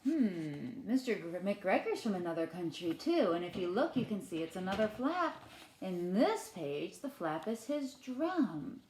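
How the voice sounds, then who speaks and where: A woman teacher reading a picture book aloud to children, asking gentle questions and putting on playful voices for the characters. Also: medium pitch, big pitch swings, a little slow, echoey room, slight background noise. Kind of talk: children's read-aloud lesson.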